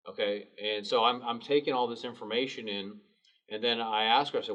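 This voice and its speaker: A man giving a sales training talk in a calm, low late-night DJ manner. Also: fairly quick. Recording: distant mic, dull sound.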